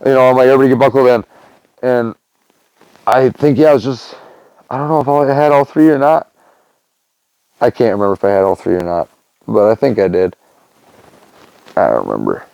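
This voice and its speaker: Gravelly-voiced man rambling through a story. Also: mid-range voice, lively intonation, normal speed, long pauses, mellow, no room sound, low-quality recording. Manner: rambling, loose, lots of "man" and "you know". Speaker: podcast host. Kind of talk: casual storytelling monologue.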